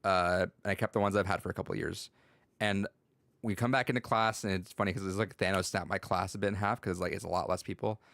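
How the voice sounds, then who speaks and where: Man, podcast host, low creaky voice, rambling, laughs often, dry close recording. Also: fairly even intonation, fast talker, a bit bright, dry recording. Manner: rambling storytelling, laughs often, many fillers. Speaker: podcast host and school teacher. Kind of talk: casual podcast chat.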